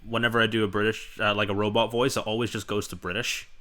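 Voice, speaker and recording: A young man with a lowish voice and a bright, forceful tone hosts a casual chat. He rambles enthusiastically, stacking up fillers as he tells his stories. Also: level tone, quick pace. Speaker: podcast host.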